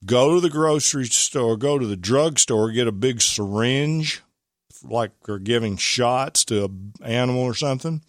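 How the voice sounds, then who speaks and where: A man's voice: mid-range voice, moderate pace, no echo, studio quality. A man hosting a call-in gardening radio show, giving rambling, folksy advice and spelling out product names.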